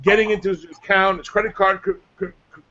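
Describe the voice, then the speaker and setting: Ranting male show regular, high voice, muffled lo-fi audio. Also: fairly even intonation, brisk, bright, forceful tone. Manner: angry, profane, ranting. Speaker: show regular, clan player. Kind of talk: profane ranting chat.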